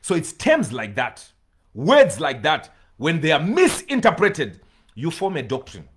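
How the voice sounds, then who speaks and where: Male preacher, husky and unhurried, emphatic sermon delivery with repeated words. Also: a little high, sing-song. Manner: emphatic, repeats key words, pleading at times.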